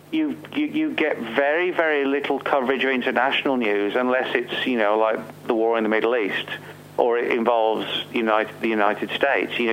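A man's voice: medium pitch, fairly bright tone, a little hiss or hum, low-quality recording. A man with an English Midlands accent, from Staffordshire, speaking as a remote interview guest and rambling loosely. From Staffordshire, England. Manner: rambling, many fillers and restarts. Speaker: guest, author.

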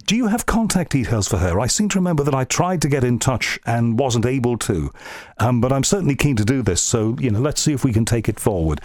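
An English man from Liverpool hosts a radio show, working through listener mail in a relaxed, thoughtful way, with plenty of ums and uhs. His voice sits at a middle pitch. It is captured dry and close on a studio mic, with no room echo. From Liverpool, England. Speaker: radio and podcast host. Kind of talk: reading listener emails on air, then interviewing a guest.

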